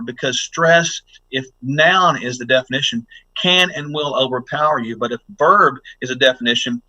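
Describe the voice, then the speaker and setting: A man's voice: fairly high pitch, sharp tone, low-quality recording. A man speaking as a health doctor guest on a podcast interview, explaining in an earnest, instructive way and coaching listeners through exercises.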